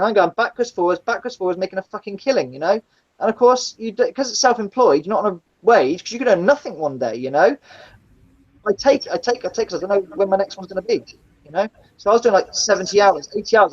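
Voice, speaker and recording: A former taxi driver appears as a guest in a live chat, telling gritty stories casually. She's blunt, swears freely, and acts out the people she describes with a very lively pitch, while the stream audio sounds dull and lo-fi.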